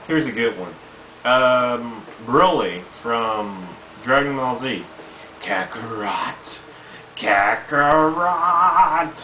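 A man casually introducing his voice impressions in a halting way, laughing between bits. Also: mid-range voice, animated, slight background noise. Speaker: amateur voice impersonator. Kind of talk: casual home video chat. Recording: tinny lo-fi echoey home recording.

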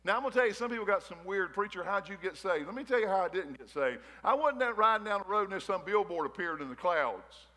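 A man preaching in a high, folksy voice, trading jokes and questions with his congregation. He wears his emotion openly as he preaches. His words ring out with a long reverb through a big church hall. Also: big pitch swings, fast, hardly any pauses, pushed and bright. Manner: folksy, joking preaching with crowd call-outs. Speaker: pastor. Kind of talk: sermon. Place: church hall, a former gymnasium.

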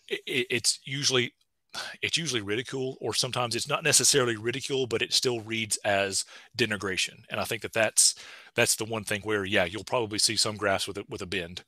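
A man's voice: fairly low pitch, sharp tone, no echo. A man with a Southern US accent, speaking as a guest linguist in an academic seminar over a video call, thinking aloud with many fillers and restarts.

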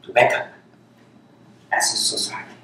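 A man's voice: moderate pace, pushed and bright. A man giving a dharma talk as a Zen teacher, speaking unhurriedly in short, repeated phrases. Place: meditation center hall. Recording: very echoey hall, voice from far off.

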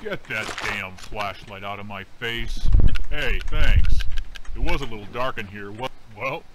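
A crude, gruff pig farmer. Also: male voice, fairly low pitch, animated, measured pace, noisy background. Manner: blunt, crude, sardonic.

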